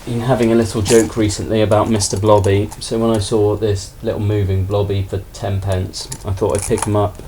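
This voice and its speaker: A man with a fairly low voice rambles casually through a haul of collectible toys. He sounds relaxed and self-deprecating, and faint background hiss sits under his voice. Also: fairly quick, hardly any pauses. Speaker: toy collector vlogger. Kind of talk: casual haul video chat.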